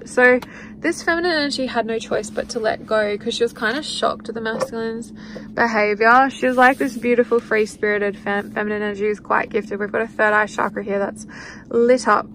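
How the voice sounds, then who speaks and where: A woman with a slightly high voice walks through a spiritual card reading in a loose, chatty way. She keeps slipping into quoted thoughts for the people in the reading. A faint hiss sits under the recording. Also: normal speed, a bit bright, rough recording. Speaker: tarot card reader.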